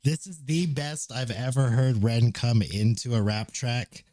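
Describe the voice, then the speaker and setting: A man's voice: medium pitch, steady tone, measured pace, dark tone, no room sound, faint music behind. A man streaming live, reacting to a song in casual, enthusiastic commentary full of swearing and restarts. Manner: enthusiastic, profane, rambling with restarts.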